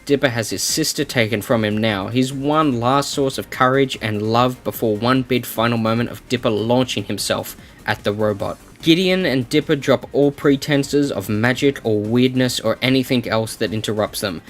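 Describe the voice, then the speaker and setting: A man's voice: mid-range voice, normal speed, few pauses. A man narrating a scripted review essay with emphatic enthusiasm, often repeating words for stress. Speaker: video essayist reviewing a cartoon series.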